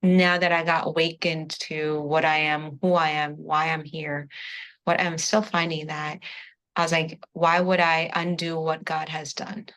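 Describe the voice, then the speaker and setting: A woman's voice: low-pitched, flat delivery, unhurried, a bit bright. A woman giving an earnest, spiritual testimonial in an interview, close to tears and often repeating "I was like.". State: emotional, near tears. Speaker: coaching client giving a testimonial.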